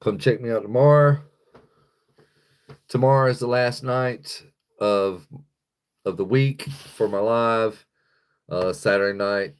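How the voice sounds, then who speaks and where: A man's voice: mid-range voice, slow pace, pauses often, clear, resonant tone. A man chatting casually on his live stream, rambling loosely and swearing freely, into a phone on a stick.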